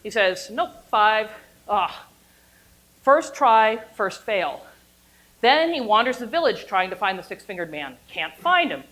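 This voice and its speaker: A woman lecturing on storytelling in a playful, animated way, laughing and cheering along with her own examples. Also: mid-range voice, a little slow, rough recording. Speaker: university teacher giving a workshop class.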